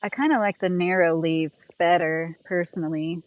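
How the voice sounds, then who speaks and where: A woman chatting casually on a livestream as she walks through her home and garden, rambling with lots of "like" and quick laughs. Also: lowish voice, steady tone, no room sound, poor audio.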